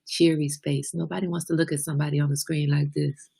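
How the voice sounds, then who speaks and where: A woman's voice: low-pitched, little pitch movement, fast, gravelly, warm tone, breathy edge. A woman in her forties hosting a casual livestream chat, talkative and laughing, teasing her son with mock exasperation. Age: 40s. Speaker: livestream host.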